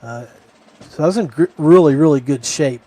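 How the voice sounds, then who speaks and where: This middle-aged man from Virginia, West Virginia specifically, hosts a podcast and tells a rambling, digressive story in casual fashion. His voice is a little high and dark in tone, at a moderate pace.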